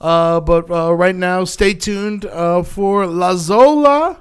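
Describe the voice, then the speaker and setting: A man's voice: sits high, takes it slowly, clean tone. A man co-hosting a podcast in loose, profane, joking banter, raised in Florida. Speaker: podcast co-host. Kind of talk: casual chat.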